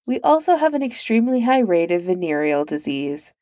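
A woman's voice: fairly low pitch, very animated, brisk, mellow, dry recording. A woman doing a sardonic, arrogant young prince. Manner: dry, sardonic.

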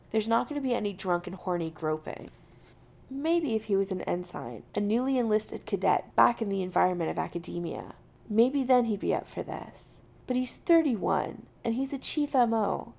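Here a woman reads a piece of fiction aloud at an even, matter-of-fact pace. Her voice rests in a mid range with a gravelly vocal fry on the ends of phrases. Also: mid-range voice. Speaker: reader. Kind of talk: reading fan fiction aloud.

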